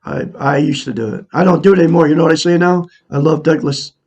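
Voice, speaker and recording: Talking rapid-fire in a slightly high, darkish voice, a man in his sixties delivers a casual, repetitive, preachy self-help monologue to his viewers with earnest intent. He records on a camera mic while looking into a mirror.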